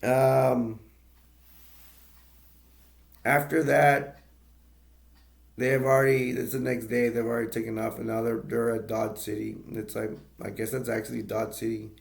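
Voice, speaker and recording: A man's voice: mid-range voice, level tone, a little slow, gravelly, pauses often. A man casually retelling a movie's plot as a reviewer, rambling with many fillers, restarts and brief laughs.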